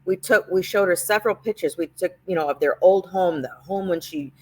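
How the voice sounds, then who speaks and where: A middle-aged woman with a somewhat low voice gives caregiving tips. She talks in a loose, conversational way, restarting sentences and leaning on fillers as she tells stories. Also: a little fast, darkish tone. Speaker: nurse advocate host. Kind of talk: casual educational talk.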